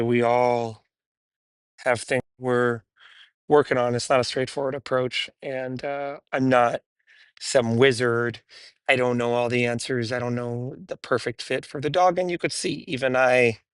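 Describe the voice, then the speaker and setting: Man, dog trainer, casual talk to camera, mid pitch, dry recording. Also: clear, resonant tone, dry recording. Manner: chatty and candid, switching to high, cheery praise for the dogs.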